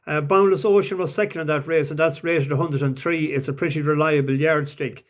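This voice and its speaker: A man's voice: on the high side, steady tone, fairly quick. Hesitant man giving racing tips. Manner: hesitant, many fillers and restarts. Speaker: racing tipster. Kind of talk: casual betting tips talk.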